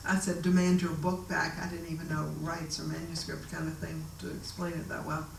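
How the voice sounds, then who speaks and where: A woman telling a story from her own life in a casual, animated way, often laughing and acting out the voices of the people in it. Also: low voice, a little fast, vocal fry, a little hiss or hum. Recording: echoey room, voice a bit distant.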